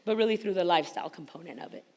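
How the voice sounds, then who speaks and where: A woman's voice: on the low side, rapid-fire, gravelly. A woman with a slight Spanish-influenced accent, speaking energetically and emphatically as a panelist at a conference. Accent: Spanish-influenced English. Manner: energetic, emphatic, laughs often. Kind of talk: panel discussion. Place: conference hall stage. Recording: reverberant hall.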